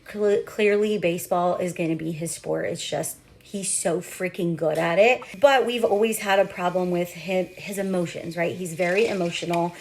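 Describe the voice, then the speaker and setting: A woman's voice: fairly low pitch, steady tone, moderate pace, few pauses. A woman in her thirties, a parent of a young athlete, telling a personal story in a casual, candid way, with lots of filler words.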